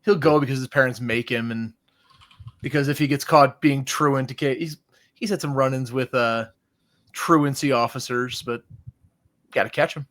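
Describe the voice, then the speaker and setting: A man's voice: mid-range voice, moderate pace, long pauses, a bit bright. A man describing his character in a tabletop game, slipping into first person in a laid-back way. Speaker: player.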